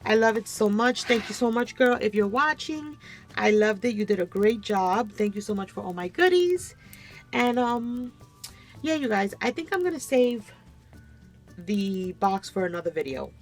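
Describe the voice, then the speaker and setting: Gushing woman crafter, low on energy. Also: lively intonation, moderate pace, soft background music. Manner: gushing, keeps addressing viewers as "you guys". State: low energy, coming down with a cold. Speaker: crafting channel host. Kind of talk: casual show-and-tell unboxing. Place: home craft desk.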